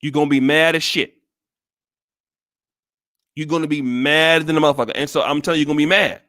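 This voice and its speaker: A man's voice: on the high side, steady tone, brisk, fairly bright tone, dry recording, studio quality. An American man giving blunt, profane commentary on a live stream, with many restarts. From United States. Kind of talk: casual livestream commentary.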